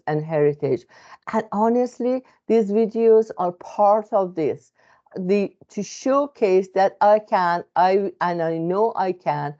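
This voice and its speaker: A woman's voice: on the low side, warm tone, lo-fi sound. Earnest woman with a non-native English accent. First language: not English. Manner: earnest, halting, many fillers and restarts. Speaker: therapist. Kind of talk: reflective self-help monologue.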